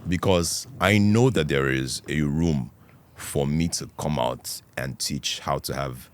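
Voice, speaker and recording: A young Nigerian man with a Nigerian accent, a podcast guest telling stories in a playful, animated way and laughing often. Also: a bass voice, takes it slowly. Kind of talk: casual storytelling chat.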